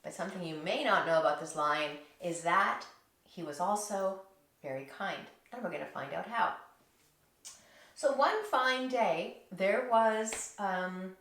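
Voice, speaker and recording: A woman leading a children's yoga story, talking in a gentle, encouraging and playful way. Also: mid-range voice, normal speed. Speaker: kids yoga teacher. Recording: echoey room, distant mic.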